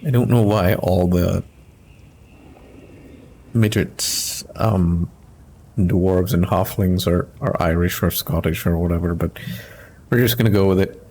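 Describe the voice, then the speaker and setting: A man's voice: low voice, unhurried, long pauses, darkish tone, a little hiss or hum, rough recording. A man hosting a let's play, mixing casual commentary with reading game text, in a wry, amused manner.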